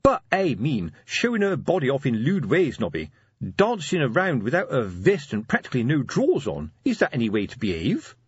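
A man's voice: mid-range voice, huge pitch swings, moderate pace, breathy edge, no echo, lo-fi sound, voice pushed up, exaggerated voice. A man voicing a pompous, lecturing middle-aged police sergeant who talks in a fussy, hesitant way. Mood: wailing.

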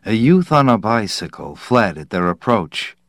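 Slow, low-voiced male narrator. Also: sing-song, fairly bright tone, dry recording, clean studio sound. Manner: measured, deliberate reading. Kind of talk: scripted audiobook narration.

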